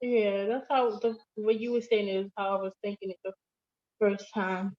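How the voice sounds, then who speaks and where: A woman's voice: medium pitch, steady tone, normal speed, darkish tone. A woman student answers questions in an online math lesson, hesitant and thinking aloud as she works. Her audio sounds dull and lo-fi.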